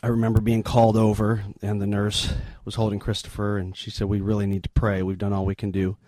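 A middle-aged man, a missionary guest in an interview, retelling a story in an earnest, halting, sombre way. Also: lowish voice, completely flat delivery, dark tone, no room sound.

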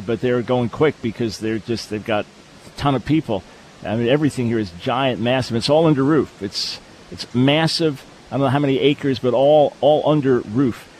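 A man's voice: mid-range voice, slight background noise. Emphatic man hosting live call-in radio. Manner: energetic, emphatic, preacherly. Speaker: radio talk show host. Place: hotel convention venue.

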